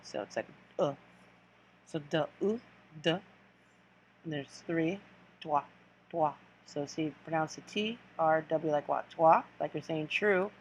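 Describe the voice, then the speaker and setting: A woman teacher giving a recorded lesson for children, speaking slowly and patiently and repeating words for students to follow. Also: deep voice, vocal fry.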